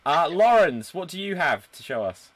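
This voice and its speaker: Male improv host, lively swooping voice, slightly high, upbeat, video call. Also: normal speed, no room sound. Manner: upbeat, animated, hands out scores and prompts. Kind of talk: hosting a live comedy stream.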